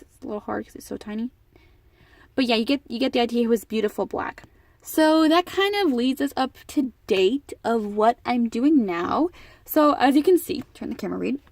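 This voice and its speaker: A woman's voice: fairly high pitch, no room sound. Emotional teen girl vlogger, dry sound. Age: teens. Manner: emotional, rambling, frequent restarts. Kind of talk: casual storytelling vlog.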